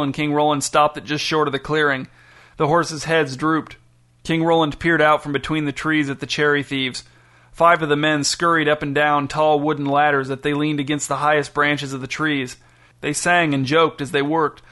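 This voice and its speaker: A man reading a story aloud, evenly paced, raising his voice for the characters' lines. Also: fairly bright tone. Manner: reads evenly, lifts pitch and volume for character lines. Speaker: audiobook narrator. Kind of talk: scripted narration with voiced characters.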